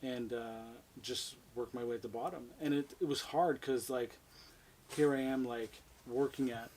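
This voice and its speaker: A man's voice: mid-range voice, fairly even intonation, moderate pace, a little mellow, slight background noise, poor audio. A man, a podcast guest, telling his life story candidly, swearing freely and often asking "right?". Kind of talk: casual storytelling interview.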